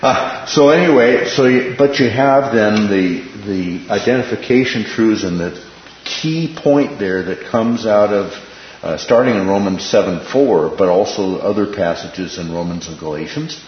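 Leading an informal Bible study, a teacher talks conversationally at a moderate pace in a lowish voice, repeating phrases and checking in with "right?". The echoey room gives dull, lo-fi sound, with slight background noise.

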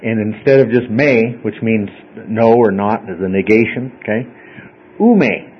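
A man's voice: lowish voice, lively intonation, measured pace, muffled recording, a little hiss or hum. A man teaching a Bible study class to a group, explaining step by step in a conversational way and often checking in with "okay?". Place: classroom with listeners.

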